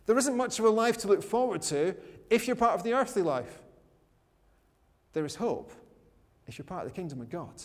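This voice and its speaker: High-voiced preacher in a reverberant hall. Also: male voice, lively intonation, normal speed, pauses often. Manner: chatty, self-deprecating asides and rhetorical questions. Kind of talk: conversational sermon.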